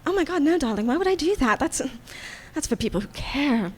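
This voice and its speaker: A woman's voice: sits high, sing-song, brisk, darkish tone. A woman putting on a breezy, ditzy young politician. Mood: airy. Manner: breezy, airy, calls people darling.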